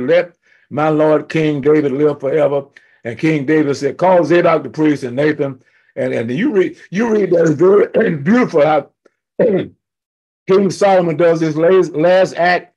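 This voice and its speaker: A man leads a church Bible study, his voice sitting a little high. He gets fired up, retelling scripture in casual everyday talk with humorous asides, then slows right down to hammer home a key word. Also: a little mellow. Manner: fired up and emphatic, slowing to stress key words.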